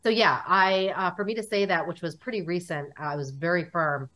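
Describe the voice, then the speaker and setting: A woman speaks as a guest in a relaxed interview. Her voice sits fairly low. She tells stories with energy and acts out the lines of the people in them. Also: fairly quick. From United States. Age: 40s. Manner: animated storyteller, acts out dialogue. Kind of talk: casual interview.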